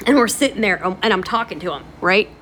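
A woman's voice: medium pitch, quick pace, a little hiss or hum. A woman hosting a motivational video series, talking casually to the camera in a chatty, encouraging way with lots of fillers. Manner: chatty, animated storytelling with many fillers.

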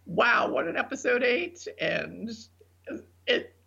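A woman co-host with a very raspy, gravelly voice that swings lively up and down. She sounds bright and bubbly, over a dull lo-fi recording. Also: on the high side, unhurried. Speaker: podcast co-host. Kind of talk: casual podcast chat, reading segment. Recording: dull lo-fi audio.

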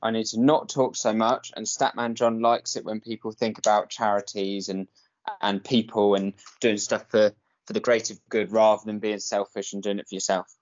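A young man with a posh English accent and a lowish voice who talks hesitantly, often pausing on "um". The sound is dull and lo-fi. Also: little pitch movement. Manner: hesitant, with many ums. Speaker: podcast guest. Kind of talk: casual chat.

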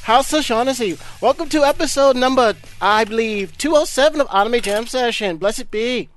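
A man's voice: extremely high pitch, normal speed, faint music behind. A man hosting a casual comedic podcast, hamming up a put-on Irish brogue. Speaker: podcast host.

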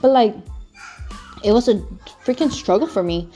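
A woman's voice: a little high, lively intonation, moderate pace, mellow, faint music behind. Candid, rambling young woman vlogger. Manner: rambling, candid, swears often. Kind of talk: casual storytelling.

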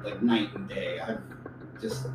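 A man who works as a voice-over artist, a podcast guest talking in a smooth, animated way. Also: fairly low pitch, unhurried. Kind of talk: casual podcast chat. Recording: echoey room with music behind.

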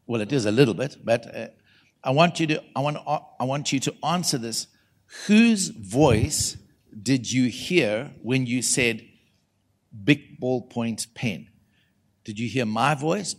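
A man with a South African accent preaches a conference sermon in a mid-pitched voice. He talks to the crowd in a conversational way, sinking to quiet, slow phrases and then swelling loud as he calls for answers. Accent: South African English. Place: conference hall before an audience.

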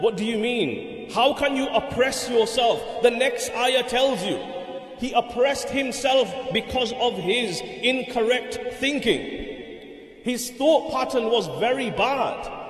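A man's voice: very high voice, expressive, takes it slowly, faint music behind. A man giving a Friday sermon in a mosque, driving points home with rhetorical questions and repetition. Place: mosque prayer hall. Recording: echoey mosque hall, long reverb.

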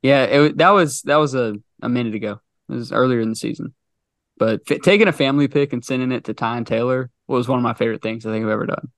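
A young man tells a casual story on a podcast, stumbling and repeating words as he goes. His pitch sits in the middle range. The sound is dry and close. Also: fast talker, no room sound. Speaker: podcast co-host.

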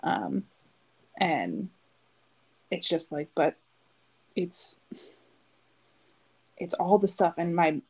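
Woman in her thirties, podcast co-host, gravelly lowish voice with a husky edge, chatty storyteller. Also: drawn-out words, long pauses, a little mellow, rough recording. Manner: chatty storytelling, acts out quotes. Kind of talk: casual chat.

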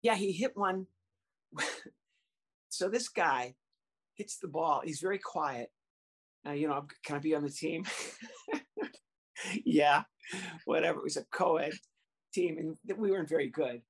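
A podcast co-host chatting in a relaxed, conversational way and laughing along. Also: medium pitch, slow pace, pauses often, slightly rough. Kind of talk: casual chat.

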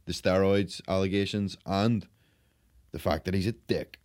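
A man's voice: sits low, fairly even intonation, unhurried, darkish tone. A man co-hosting a casual podcast, blunt and sweary, often starting with hesitations. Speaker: podcast co-host. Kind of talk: casual chat.

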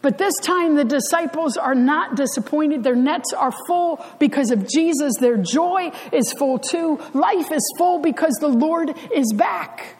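A woman pastor preaches with a bright, high voice. She tells the story in a conversational, lightly humorous way. Her words carry a long reverb from the church sanctuary. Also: expressive, measured pace, few pauses. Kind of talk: sermon.

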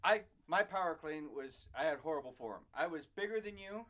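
Brief: man in his fifties, high and bright voice, animated storyteller in a casual chat. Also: a little fast. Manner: animated storyteller who laughs through his anecdotes.

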